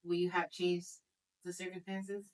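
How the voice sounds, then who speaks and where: A woman's voice: fairly low pitch, level tone. Woman co-host, a bit far from the mic. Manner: supportive, quick interjections. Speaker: podcast co-host. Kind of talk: casual chat.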